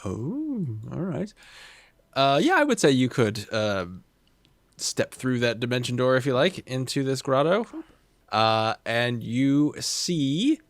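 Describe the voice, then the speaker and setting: A man's voice: medium pitch, sing-song, slow pace, dry recording. Chatty male game master, dry sound. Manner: chatty, laughing asides. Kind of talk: narrating a tabletop game.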